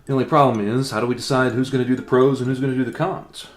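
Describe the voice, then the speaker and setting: A man playing an excitable, easily impressed movie fan who swears gleefully in a comedy sketch. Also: mid-range voice, racing, echoey room, faint music behind, natural voice. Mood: excited. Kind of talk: comedic self-debate sketch.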